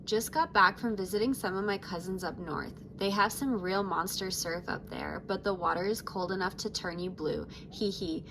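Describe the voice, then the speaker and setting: A woman voicing a laid-back teenage sea-monster surfer girl, reading her diary aloud softly. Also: mid-range voice, normal speed, hardly any pauses, noisy background, lightly acted. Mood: mellow.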